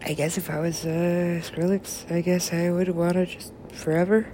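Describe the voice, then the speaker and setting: A woman's voice: on the low side, little pitch movement, moderate pace, dark tone, slight background noise. A woman rambling in a drifting, profane monologue that often drops to a whisper.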